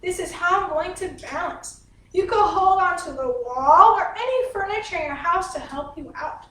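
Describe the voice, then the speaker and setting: An extremely high, slightly bright female voice speaks at a normal speed in this livestreamed children's dance and yoga class from a home room. Patient and sing-song, she gives gentle, simple step-by-step instruction to young kids, and the room is echoey.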